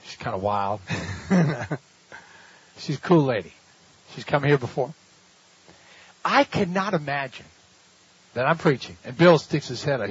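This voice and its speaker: A man's voice: mid-range voice, highs cut off, slight background noise. A man preaching a sermon, telling a story dramatically with laughs and rhetorical questions. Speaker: pastor.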